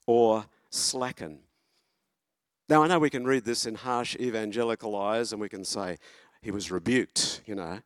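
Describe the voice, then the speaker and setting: A man's voice: on the low side, dry recording, clean studio sound. Older man preaching encouragement. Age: 70s. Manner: earnest, encouraging, with hesitations and restarts. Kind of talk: sermon. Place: church, at a lectern.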